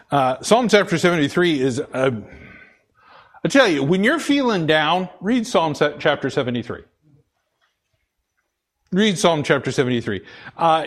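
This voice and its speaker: A man's voice: on the high side, a bit bright. A man preaching a sermon, repeating key phrases for emphasis and often stumbling and restarting. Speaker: pastor.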